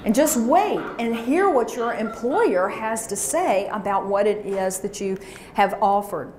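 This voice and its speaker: At an unhurried pace, a woman with a medium-pitched, darkish voice runs a live career workshop, coaching emphatically and drilling phrases with her audience. The recording carries a roomy echo and faint background noise.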